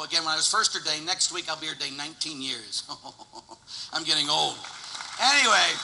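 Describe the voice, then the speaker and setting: A priest in his forties preaching a lively sermon, swinging from loud exclamations to hushed storytelling. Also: fairly high pitch, creaky. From Pittsburgh, USA. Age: 40s. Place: church. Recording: long church reverb.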